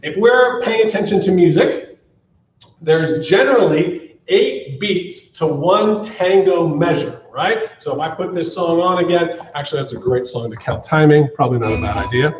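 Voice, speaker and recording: A man's voice: a little high, moderate pace, a little hiss or hum. A man teaching a live-streamed dance class who counts beats aloud and keeps checking in with "all right?". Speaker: ballroom dance instructor. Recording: echoey, distant, muffled studio sound.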